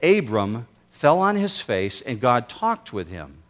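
A man preaching a sermon as pastor, slow and emphatic, with dramatic pauses. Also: medium pitch, very animated.

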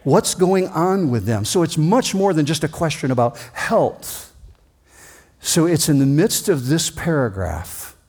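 A man preaching a sermon as a pastor, reading scripture aloud and acting out quoted greetings with expressive delivery. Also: mid-range voice.

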